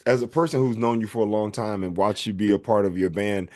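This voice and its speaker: A man's voice: lowish voice, quick pace, darkish tone. A man co-hosting a podcast in casual chat, teasing his co-host and laughing often.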